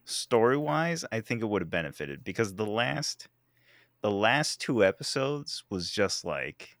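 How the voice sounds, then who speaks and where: A man's voice: lowish voice, sing-song, measured pace, fairly bright tone, no room sound, studio quality. A man chatting casually about a show, joking and grumbling playfully. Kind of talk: casual chat.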